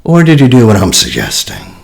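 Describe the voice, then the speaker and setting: A man's voice: lowish voice, huge pitch swings, fairly quick, vocal fry. A man coaching on relationships in a casual teaching monologue, reflective and conversational, often sighing and repeating himself.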